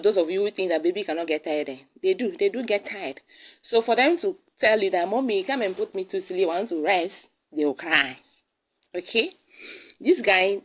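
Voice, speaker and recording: A parenting vlogger with a Ghanaian English accent talks to camera, giving casual advice to expectant mothers. Her voice is on the low side, the audio is poor, and she repeats key words for emphasis.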